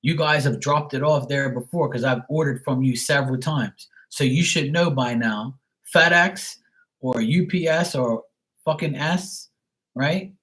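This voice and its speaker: A man's voice: medium pitch, a little slow, a bit bright, rough recording. A man from Bermuda ranting on a live stream, swearing often, exasperated and restarting his sentences. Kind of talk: casual live-stream rant.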